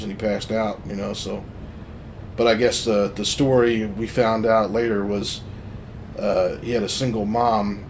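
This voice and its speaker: A man's voice: lowish voice, noisy background. A man telling a story in loose, profane casual chat, full of fillers.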